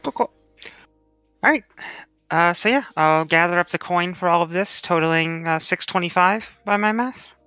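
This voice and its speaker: A tabletop game player dealing politely and in a measured way. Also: mid-range voice, bright, forceful tone, clear, resonant tone, no echo. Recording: dull lo-fi with faint music.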